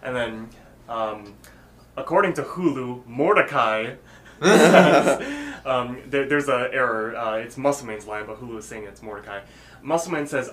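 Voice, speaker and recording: A man's voice: mid-range voice, lively intonation, normal speed, fairly bright tone, slight background noise. Rambling podcast co-host man. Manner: rambling, filler-heavy storytelling. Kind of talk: casual episode recap chat.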